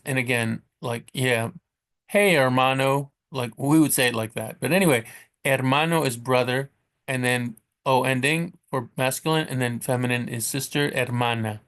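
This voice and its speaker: An American man teaching Spanish in a casual, rambling way, full of fillers and restarts, drawing out example words slowly. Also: mid-range voice, a bit bright. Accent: American English. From United States. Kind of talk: casual spoken lesson.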